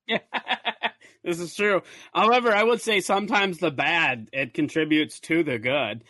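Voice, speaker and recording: A man's voice: fairly high pitch, unhurried, bright, forceful tone, dry recording, clean studio sound. A man hosting a podcast in casual chat, easygoing, with short agreeing replies and frequent laughs. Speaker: podcast host.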